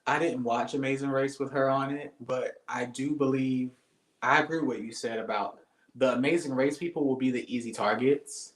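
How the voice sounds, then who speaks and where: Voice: medium pitch, fairly even intonation, moderate pace, reverberant, poor audio. A co-host in casual chat, joking, laughing often and talking with emphasis. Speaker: podcast co-host.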